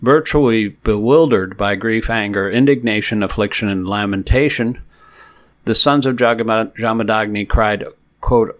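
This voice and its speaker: A man reading scripture verses aloud. He recites each verse slowly, then gives word-by-word glosses and a translation in a measured way. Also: fairly low pitch. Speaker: scripture reader.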